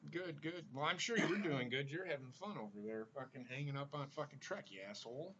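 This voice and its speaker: High-voiced, profane male livestream host. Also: expressive, a little fast. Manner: profane, joking banter. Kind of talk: casual livestream chat. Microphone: video call. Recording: muffled video call audio with faint hiss.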